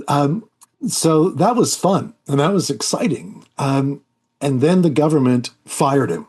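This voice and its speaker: A man's voice: a little high, animated, measured pace, darkish tone, breathy edge. An older man from Canada, a guest in an interview, telling long stories in a rambling way with many ums, restarts and wry asides. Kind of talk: storytelling interview.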